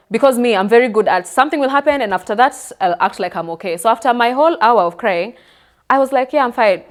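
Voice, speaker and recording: A young woman from Kenya, a guest sharing a personal story candidly, with many "you know" and "like" fillers. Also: a little high. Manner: candid, frequent "you know" and "like", voice rises when emotional.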